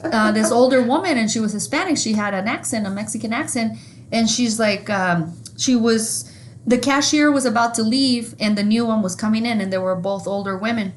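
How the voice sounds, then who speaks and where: A woman co-hosting a podcast, telling stories in a casual, profane, animated way. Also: on the high side, brisk, a little hiss or hum. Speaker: podcast co-host. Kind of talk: casual chat.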